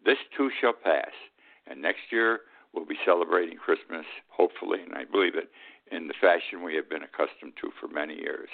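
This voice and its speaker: A man's voice: deep voice, brisk, vocal fry. Blunt, indignant male radio host, tinny sound. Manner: blunt, indignant, animated commentary. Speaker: radio talk show host. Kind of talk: opinion monologue.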